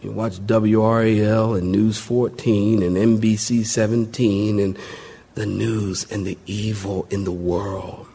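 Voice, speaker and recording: A man's voice: on the low side, measured pace, vocal fry, slightly rough. A middle-aged man, preaching a verse-by-verse sermon live in church and calling for responses from the congregation. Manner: animated, call-and-response with congregation. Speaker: pastor. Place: church sanctuary.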